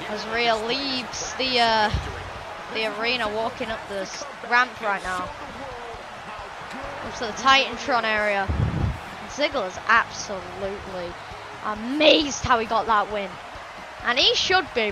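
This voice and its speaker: A woman giving excitable play-by-play commentary on a wrestling video game, shouting and gasping at big moments and rambling between. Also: a little high, unhurried, noisy background.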